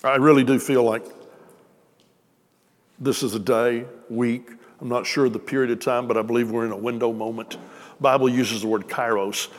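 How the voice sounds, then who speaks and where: A man preaching to his congregation in a loose, conversational way, slipping jokes between his points. His voice sits at an ordinary middle pitch. It rings with the long reverb of a church hall. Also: steady tone, normal speed. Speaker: pastor. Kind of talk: sermon.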